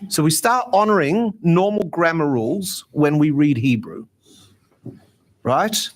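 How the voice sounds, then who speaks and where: A man, a rabbi, giving an informal, chatty talk on prayer and meditation at a gathering, lively and self-mocking. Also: a little high, slow, pauses often.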